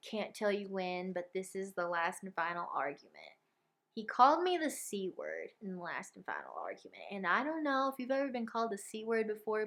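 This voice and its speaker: A young woman telling a personal story to camera in a casual vlog, with lots of filler words and animated retellings. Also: medium pitch. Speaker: vlogger.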